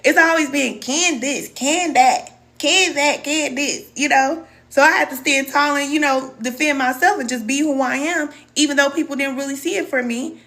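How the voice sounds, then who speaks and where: A middle-aged spiritual wellness teacher with a fairly high, sharp voice talks casually and emotionally on a live stream. She reads viewers' comments aloud and calls them cousin.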